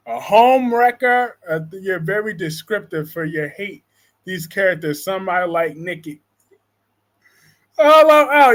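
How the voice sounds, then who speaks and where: A man hosting a casual live-stream chat about soap operas, excitable and quick to fire up, reading viewer comments aloud. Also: high-pitched. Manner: excitable, swings from calm to loud anger. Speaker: soap opera talk show host.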